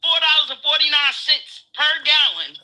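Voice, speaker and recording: High-pitched guy, super bright sharp voice, swearing and ranting, sounds like a phone line. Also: big pitch swings, moderate pace. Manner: profane, heated, laughing ranting. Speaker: co-host. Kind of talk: casual political chat.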